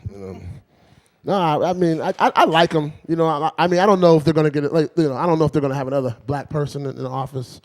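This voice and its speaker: A man's voice: a little high, fast, no room sound. A man doing a rambling stand-up routine, chuckling between lines and repeating "you know what I mean". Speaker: stand-up comedian.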